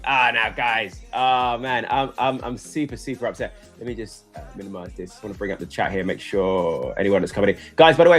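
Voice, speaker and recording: A young man hosting a live trading stream, chatting and rambling casually, with excitable bursts of laughter. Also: medium pitch.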